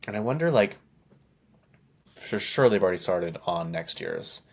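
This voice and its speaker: A man's voice: lowish voice, animated, moderate pace, darkish tone. A man hosting a podcast in a casual pop culture chat, rambling and chatty, often correcting himself and laughing. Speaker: podcast host.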